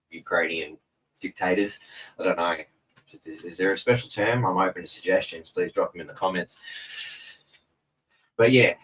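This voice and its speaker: This Australian host sits in a room at home before a TV, running a relaxed, meandering live stream and cursing without restraint. His low-pitched, somewhat bright voice sounds distant and rough, picked up by a camera mic placed away from him.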